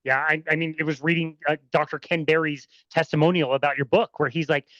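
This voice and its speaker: A man's voice: fairly high pitch, steady tone, brisk, a bit bright, no echo, lo-fi sound. A man hosting a podcast interview, asking friendly questions. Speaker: podcast host.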